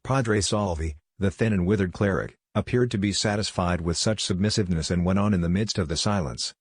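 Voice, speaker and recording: A man narrating an audiobook in a steady, measured reading. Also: sits low, husky, dry recording, clean studio sound.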